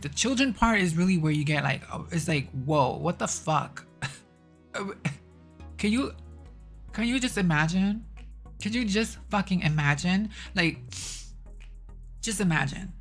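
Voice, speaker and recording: A woman's voice: low voice, fairly bright tone. A young woman ranting to her vlog audience, exasperated and blunt, swearing and repeating herself. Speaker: vlogger. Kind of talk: casual rant to camera.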